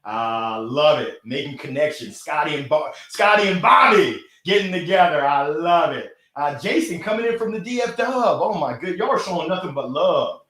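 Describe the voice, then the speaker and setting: A man's voice: fairly high pitch, lively intonation, normal speed, few pauses, fairly bright tone, echoey room. Upbeat man hosting a live motivational stream. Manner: upbeat, effusive, thanks viewers by name. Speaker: host of a weekly live motivational show. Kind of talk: live-stream chat reading viewer comments.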